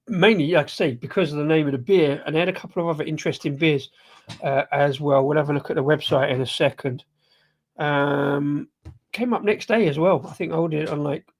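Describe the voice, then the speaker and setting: A man with a gravelly, slightly rough voice on the high side hosts a casual live beer review. His talk rambles and hesitates, with lots of ums, restarts and self-corrections, as he sips and tastes the beer.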